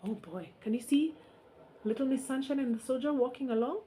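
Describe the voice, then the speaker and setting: A woman reading a story aloud to young children, soft and hushed, pausing to ask the listeners questions. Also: high voice, slight background noise.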